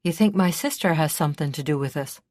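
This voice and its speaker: A woman's voice: deep voice, fast, a little mellow, dry recording, clean studio sound, close to an everyday voice. A woman narrator voicing a newly crowned young prince with a wry, muttering manner.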